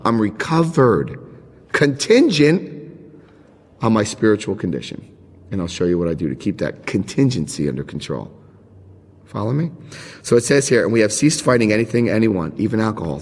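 A middle-aged man giving a recovery talk, telling lively stories with chuckles and frank asides, and reading out passages to explain them. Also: medium pitch. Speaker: recovery speaker. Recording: reverberant hall.

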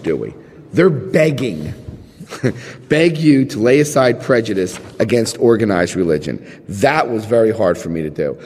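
A man sharing his story and reading aloud at a recovery meeting, retelling conversations with lively emphasis. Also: medium pitch. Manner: animated, retells dialogue with emphasis. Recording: long reverb in a hall.

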